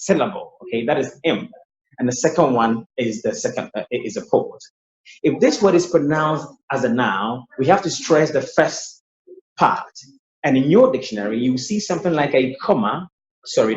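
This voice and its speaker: A man tutoring English pronunciation in an online lesson. He explains patiently and often repeats his words. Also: medium pitch. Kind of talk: online lesson with screen sharing. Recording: roomy, dull lo-fi sound.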